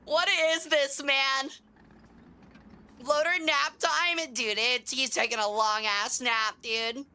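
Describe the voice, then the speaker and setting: A young woman streaming a tank game, chatting with viewers and swearing excitedly as she plays. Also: sits high, takes it slowly. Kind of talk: casual live gameplay commentary.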